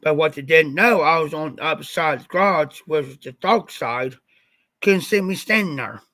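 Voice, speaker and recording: A man's voice: a little high, moderate pace, pushed and bright, no echo. A man from Ohio hosting a livestream, telling a rambling story and repeating "I said" as he goes, slightly stuffed up after the flu. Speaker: livestream host.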